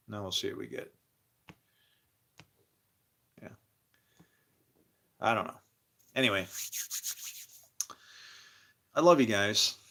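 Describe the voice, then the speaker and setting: A man's voice: fairly low pitch, creaky. Rambling, emotional older man streaming live. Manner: rambling, emotional, laughs often, swings from loud to quiet. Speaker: livestream host. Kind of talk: casual rambling livestream talk.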